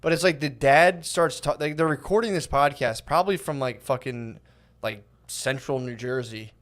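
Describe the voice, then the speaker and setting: A man's voice: medium pitch, normal speed, a bit bright. A man co-hosting a comedy podcast, telling a long rambling story in casual chat, full of "like" and "dude". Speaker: podcast co-host.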